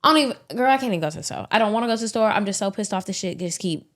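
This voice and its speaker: A woman's voice: mid-range voice, expressive, very fast, lightly acted. Woman doing a fed-up ranting caretaker. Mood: exasperated. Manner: exasperated ranting. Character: fed-up, foul-mouthed middle-aged woman caretaker.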